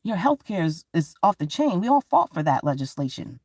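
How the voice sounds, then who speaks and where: Animated, profane woman. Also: lowish voice, a little fast, no echo, studio quality. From Georgia, USA. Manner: animated, profane, rambling storytelling. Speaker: vlogger. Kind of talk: casual monologue to camera.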